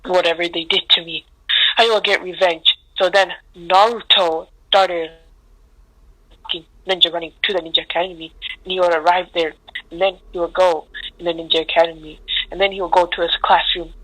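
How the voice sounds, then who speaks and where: A woman's voice: fairly low pitch, steady tone, normal speed, fairly bright tone, dry recording, poor audio. A woman narrating a fan what-if story in a casual, rambling way, chaining each event with "and then".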